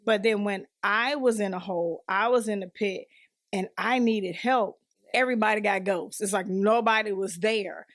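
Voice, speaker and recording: A woman with a mid-range voice, speaking at normal speed in a dry recording, is a podcast guest earnestly sharing her personal story in conversation, acting out what other people said to her.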